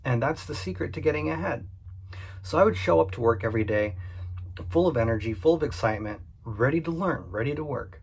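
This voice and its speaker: A man with a slightly husky, mid-pitched voice talks casually to the camera. He tells a story from his own working life in a candid, conversational way, full of everyday fillers. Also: animated, fairly quick. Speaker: cleaning business owner.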